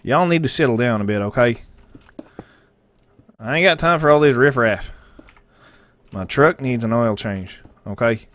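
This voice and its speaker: A brash country bumpkin with a broad, drawling voice, put on by a man. He rambles loud and crude, clearly a jokey caricature rather than a natural voice. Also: mid-range voice, expressive, measured pace, long pauses.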